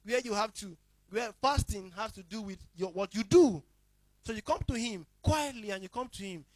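A man preaching a sermon as the pastor, emphatic and repetitive, swinging between loud declarations and hushed asides. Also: sits high, moderate pace, no room sound, low-quality recording.

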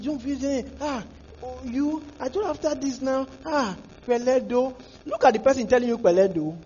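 A man preaching with fervour, his voice very high and husky. His pitch leaps and swoops as he repeats and restarts phrases, and the recording sounds dull and lo-fi. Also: a little mellow, a little hiss or hum. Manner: fervent, repetitive preaching with restarts. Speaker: pastor. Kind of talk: sermon.

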